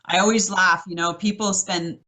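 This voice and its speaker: A woman hosting a podcast, asking questions in a chatty, halting way with fillers. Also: lowish voice, steady tone, sharp tone. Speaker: podcast host. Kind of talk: casual podcast interview.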